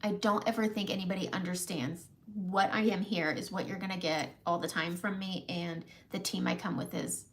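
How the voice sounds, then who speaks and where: A woman makeup vlogger talking casually and warmly to her viewers, emotional and close to tears at times, often laughing. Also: lowish voice, fairly even intonation, moderate pace, hardly any pauses. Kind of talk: casual heartfelt talk to camera.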